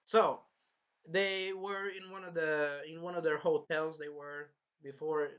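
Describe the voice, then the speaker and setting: A young man hosting his own channel, recapping an anime episode in casual chat, animated and swearing now and then. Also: a little high, a little slow, smooth, highs cut off. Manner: animated, swears, bursts into loud acted-out quotes. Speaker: anime reviewer and channel host.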